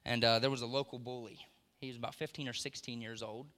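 A middle-aged man preaching a sermon in a church, telling family stories and building to excited emphasis. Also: mid-range voice, quick pace. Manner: storytelling, rising to excited emphasis. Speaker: pastor. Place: church sanctuary. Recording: long church hall reverb.

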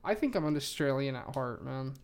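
A man co-hosting a podcast, relaxed and teasing, with casual swearing throughout. His voice sits at an ordinary middle pitch. He is recorded close on a podcast microphone. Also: a little fast, vocal fry. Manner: laid-back, teasing, profane. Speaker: podcast co-host. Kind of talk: casual chat.

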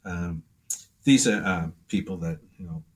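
A pastel artist takes his time in a low-pitched voice while chatting as an interview guest. He drifts from story to story with many fillers, playing out other people's quotes.

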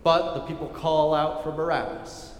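Brief: male pastor, a little high-pitched, emphatic and repetitive, preaching in a reverberant church hall. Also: flat delivery, moderate pace. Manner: emphatic, repetitive, dropping to quiet intensity. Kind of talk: sermon. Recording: echoey hall with long reverb.

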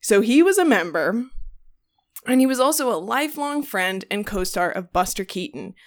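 A young woman co-hosts a casual chat and tells a long story. She rambles, restarts often and breaks into laughter, with an ordinary mid-range pitch. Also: big pitch swings, normal speed. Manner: rambling, laughing, swearing, many ums and restarts. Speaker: podcast co-host.

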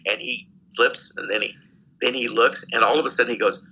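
An older man, a guest in an interview, telling a story in a casual, animated way and laughing often. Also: medium pitch, brisk, dull audio, slight background noise. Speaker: guest, former prisoner of war.

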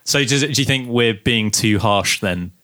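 A man's voice: mid-range voice, moderate pace, pushed and bright. A man from Guernsey hosting a casual podcast film review, chatty and stammering as he steers the conversation. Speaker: podcast host.

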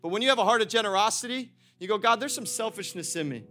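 Young pastor guy preaching, high voice, sharp and bright, laughs a lot, keyboard music faint behind. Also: fast talker. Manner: animated, swings from loud preaching to quiet storytelling; laughs often, talks to the congregation. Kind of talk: sermon.

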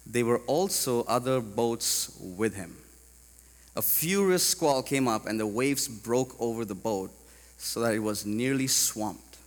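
A man from India preaching a sermon to a congregation, animated and rising to loud emphatic peaks. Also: mid-range voice, unhurried, in a large hall. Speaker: pastor. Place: large church hall.

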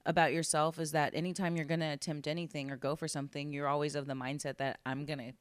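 A woman interviewing a guest in a casual chat, encouraging with quick affirmations. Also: low voice, level tone, clear, resonant tone, dry recording, clean studio sound.

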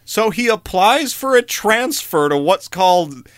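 Man co-host, lively bright delivery, casual swearing storyteller. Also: high-pitched, measured pace, no room sound, clean studio sound. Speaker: podcast co-host.

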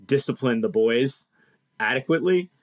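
Profane storytelling man, mid pitch. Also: moderate pace. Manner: animated, profane, acts out quoted people. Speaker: podcast co-host telling a story. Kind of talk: casual storytelling chat.

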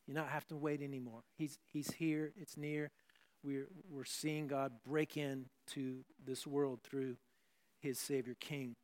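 Pastor guy with a fairly high voice, chatty sermon, lots of restarts and little asides. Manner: conversational, with frequent restarts and asides.

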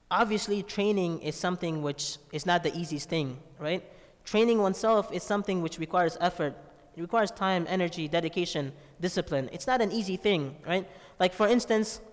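A man's voice: high-pitched, in a large hall. A man preaching a sermon, telling a story and asking rhetorical questions with a frequent "right?". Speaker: Islamic preacher.

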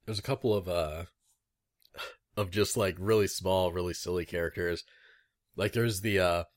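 A man's voice: low voice, dry recording, studio quality. A man chatting casually about a video game, rambling with many fillers and enthusiasm.

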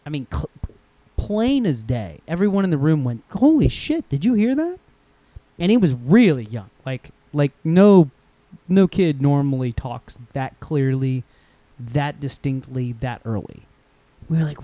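A middle-aged man on a podcast, telling a casual anecdote with animated asides. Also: on the high side, normal speed, no echo. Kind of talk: casual storytelling.

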